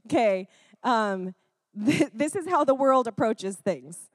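A woman preacher delivers an animated sermon in a fairly high voice. She keeps checking in with her listeners and laughs between points. The sound is close and dry. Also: slow, no room sound. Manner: animated, laughing asides, frequent "Amen? Okay?" check-ins.

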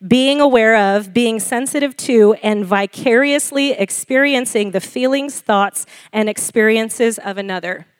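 A woman preaching a sermon with a fairly high voice, recorded dry and close. She talks in a lively way, laughs between points and keeps checking in with the congregation with "okay?" and "amen?". She often asks them to repeat phrases after her. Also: no room sound.

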